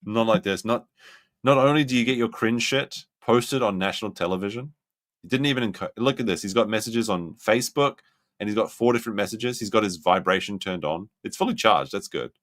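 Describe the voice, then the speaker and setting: A man hosting a livestream, reacting to clips with excitable commentary that keeps breaking into laughter and sudden shrieks. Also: lowish voice, fairly quick. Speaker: livestream host.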